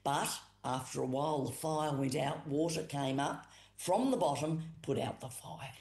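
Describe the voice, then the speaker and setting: A woman with an Australian accent telling a traditional creation story as a storyteller, unhurried and repetitive, with fillers. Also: low-pitched, darkish tone. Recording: roomy echo.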